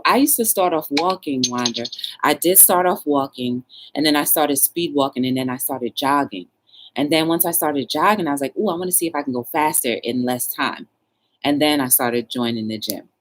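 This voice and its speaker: A woman hosting her own talk show, chatting casually and coaching a viewer with playful, animated encouragement. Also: slight background noise. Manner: animated, playful, coaching with squealing high bursts and laughs.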